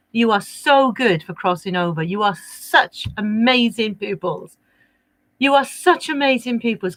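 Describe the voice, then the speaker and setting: A woman's voice: a little high, a bit bright, dry recording. A woman teaching a livestreamed maths lesson to young children, cheery and coaxing in a sing-song teacher voice. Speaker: primary school maths teacher.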